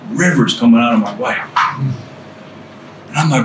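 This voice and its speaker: An American man shares his testimony, preaching to a small group in an earnest, conversational manner with casual asides, his voice mid-range and moderately paced. He's slightly distant from the mic, the room echoes, and a faint ambient hum sits underneath.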